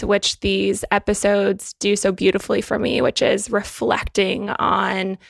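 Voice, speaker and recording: A woman's voice: mid-range voice, creaky, dry recording, clean studio sound. A woman co-hosting a podcast, talking in an earnest, encouraging and reflective way. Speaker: podcast co-host. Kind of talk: reflective wellness podcast talk.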